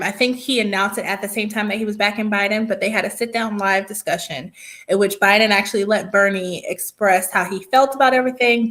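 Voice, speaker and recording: A woman's voice: medium pitch, a bit bright. A woman co-hosting a casual talk show, explaining things at length in a conversational way. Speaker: podcast co-host. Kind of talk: casual political chat.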